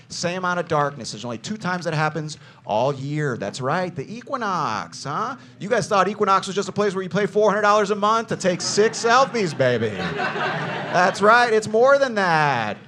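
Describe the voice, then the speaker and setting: Brash, high-pitched, lively man guiding a group. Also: slight background noise. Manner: brash, jokey, addresses listeners as "you guys" and "baby". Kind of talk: lively history talk to a group.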